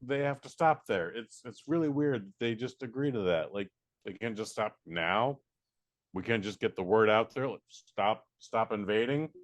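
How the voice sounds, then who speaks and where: A man co-hosting a podcast, reviewing a film in casual chat, animated and profane, acting out quotes. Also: on the low side, moderate pace.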